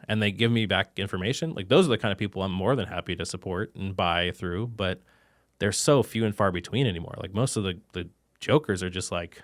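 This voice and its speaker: A man, a machine shop co-owner and podcast guest, talking in an animated, exasperated rant during a casual conversation. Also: fairly low pitch, brisk, dry recording, clean studio sound.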